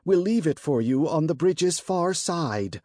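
A man voicing a calm, firm young priestess with a high, clear voice and measured, firm speech in an audiobook. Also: no echo, clean studio sound.

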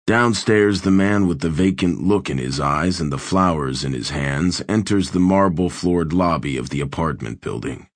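A man with a deep, low voice reads an audiobook in a measured, wry way. The sound is close and dry, with no room around it. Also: no room sound. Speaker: audiobook narrator. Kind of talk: scripted audiobook narration.

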